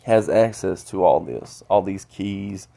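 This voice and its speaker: Stuffy low-voiced man, slow halting monologue. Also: vocal fry, dark tone. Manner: halting, repeats words, rambling. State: stuffy from a cold. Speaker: podcaster. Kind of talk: solo monologue.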